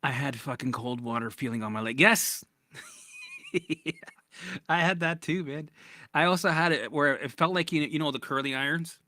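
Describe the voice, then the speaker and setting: A man's voice: mid-range voice, a little fast, bright, forceful tone, dry recording. A man coaching viewers in a casual livestream chat, answering their comments bluntly, swearing freely and often tagging "right?" onto his points. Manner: blunt and profane, keeps checking in with "right?". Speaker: recovery coach.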